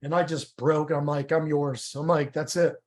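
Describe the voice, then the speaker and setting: A man's voice: on the high side, little pitch movement, moderate pace. A middle-aged man sharing his personal testimony in a conversational church interview, candid and emotional, often stumbling and repeating words.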